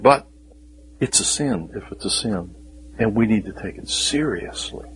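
A man preaching a sermon, with dramatic pauses and emphatic rising questions, sometimes dropping to a whisper. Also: on the low side, expressive, a little hiss or hum, poor audio.

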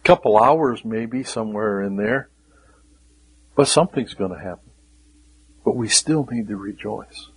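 A male preacher delivering a sermon at an unhurried, deliberate pace. His voice has a slightly husky edge, and he leans on repetition, sinking to a hushed tone whenever he quotes scripture. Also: on the low side, no echo, low-quality recording. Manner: earnest, repeats key words, drops to a hushed voice for scripture.

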